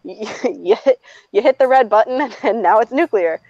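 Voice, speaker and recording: Her voice runs a little high and a bit mellow, at a moderate pace, with no echo around it. She's in her twenties, casually swapping personal stories in a blunt, profane way and frequently laughing mid-sentence. The sound is dry and somewhat dull.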